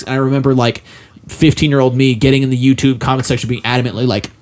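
A man's voice: medium pitch, little pitch movement, quick pace, a little mellow, a little hiss or hum. A man in his twenties co-hosting a casual chat, rambling and self-mocking, full of "like" and "um". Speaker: podcast co-host discussing a game.

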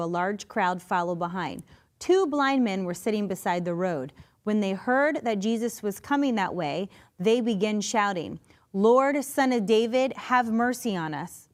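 A woman preaching a sermon in a conversational, animated way, with restarts and asides, sometimes acting out quoted voices. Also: medium pitch. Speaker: pastor.

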